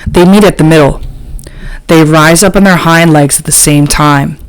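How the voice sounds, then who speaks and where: A woman narrating an audiobook in a slow, measured, literary reading. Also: low voice, fairly even intonation, no echo, rough recording. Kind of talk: scripted narration.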